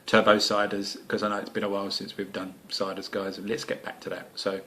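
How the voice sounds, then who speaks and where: Essex bloke, homebrew vlog host, lowish voice, cheeky jokey delivery. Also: male voice, monotone, a little fast, bright, forceful tone, a little hiss or hum. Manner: cheeky, jokey, lots of fillers and swearing. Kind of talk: casual chat to camera.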